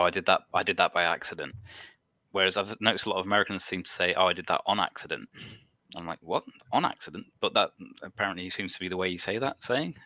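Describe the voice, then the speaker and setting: A man's voice: deep voice, bright, forceful tone, no room sound, dull audio. A British man chatting casually on a livestream, talkative and laughing often. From United Kingdom.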